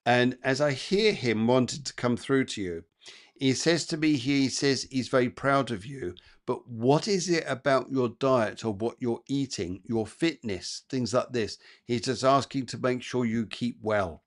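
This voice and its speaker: Chatty excitable psychic medium man. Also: medium pitch, unhurried. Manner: chatty, excitable, rambling readings. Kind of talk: live psychic reading show.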